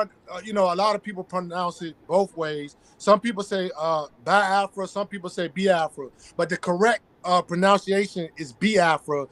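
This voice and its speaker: A man with a high, fairly bright voice and a Southern US accent is interviewed as an activist. He talks emphatically, repeating his key phrases throughout the conversation.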